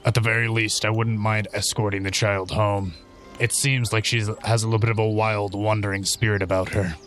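A man's voice: lowish voice, little pitch movement, brisk, fairly bright tone, soft background music, close to an everyday voice. A man voicing a laid-back, courteous male adventurer in a tabletop game. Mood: calm. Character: calm male adventurer, polite drawl.

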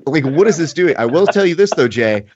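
A man's voice: on the high side, big pitch swings, brisk, slight background noise. Podcast co-host, male, theatrical mock-outrage, somewhat muffled lo-fi sound. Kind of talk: casual banter, playful ranting.

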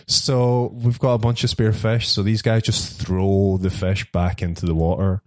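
A man's voice: lowish voice, flat delivery, a little slow, darkish tone, dry recording, studio quality. A man telling a story in a casual chat, rambling and filling gaps with filler words. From Scotland. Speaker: guest storyteller.

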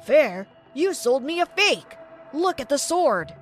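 A woman voicing an angry male pawn shop owner, loud and accusing. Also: sits high, big pitch swings, slow, faint music behind, full character voice.

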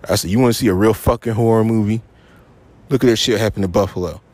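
In a solo rant on his own podcast, a man with a lowish, darkish voice talks at a quick pace. He's angry, frustrated and upset, swearing heavily and repeating his points for emphasis.

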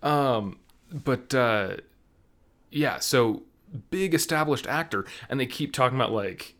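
A man hosting a casual movie review chat, animated and sarcastic, laughing often. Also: mid-range voice, a little slow. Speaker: movie review podcast host.

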